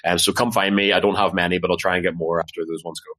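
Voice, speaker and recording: A man's voice: low-pitched, little pitch movement, quick pace, a bit bright, no room sound. A man chatting on a sports podcast, talking in a hesitant way with many fillers. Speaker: podcast co-host. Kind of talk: casual sports podcast chat.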